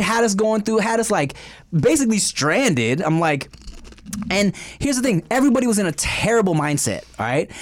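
A man telling stories in casual chat, animated and profane, laughing often. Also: a little high, no room sound.

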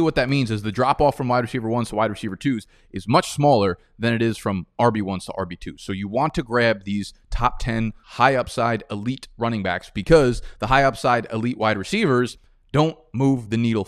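A young man with a New York or New Jersey accent giving casual, animated fantasy football analysis, talking quickly and rambling with fillers. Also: lowish voice, no room sound, clean studio sound. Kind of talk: casual sports podcast analysis.

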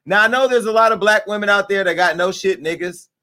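A man's voice: high-pitched, fast, pushed and bright. A man hosting his show in a rambling, crude and joking monologue. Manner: bawdy, rambling, joking asides. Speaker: show host. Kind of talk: casual crude comedic monologue.

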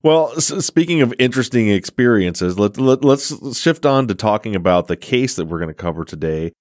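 A man's voice: mid-range voice, animated, moderate pace, a little mellow, no room sound, studio quality. A man hosting a podcast interview, asking friendly questions with hesitant restarts. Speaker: podcast host. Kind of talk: interview chat.

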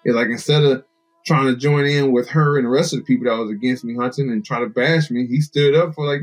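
A man's voice: medium pitch, fast talker, low-quality recording. A man guest on a podcast, telling stories casually and acting out the people he quotes. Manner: animated, acts out quoted people. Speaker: podcast guest, fighter and bowhunter. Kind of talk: casual storytelling.

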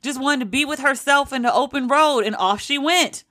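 A woman's voice: high voice, lively intonation, moderate pace, hardly any pauses, pushed and bright. A woman recapping a TV show in casual, emphatic talk, with some swearing. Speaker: TV show reviewer.

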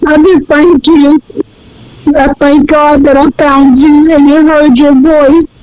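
A woman's voice: sits high, little pitch movement, slow pace, darkish tone, no room sound, low-quality recording. A woman in her sixties calling in, crying as she talks and repeating her thanks over and over. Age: 60s. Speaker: caller. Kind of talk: emotional phone-in call.

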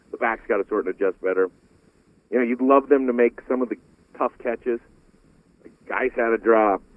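A man's voice: on the low side, no echo. A man breaking down football game film on sports radio, restarting his sentences as he talks. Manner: animated, repeats words when restarting. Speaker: football analyst. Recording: tinny phone-like line.

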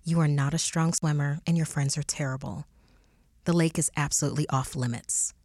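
Woman doing a strict mom in a spooky story, low husky voice, dry close sound. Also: fairly even intonation, fairly quick, darkish tone, dry recording. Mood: stern. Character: strict stern mother, later eerily sweet. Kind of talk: storytelling, reading a quoted line.

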